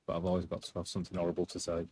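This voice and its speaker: A man's voice: sits low, completely flat delivery, rapid-fire, mellow, slight background noise. A man doing casual gameplay commentary on a live stream, rambling and self-deprecating as he chats.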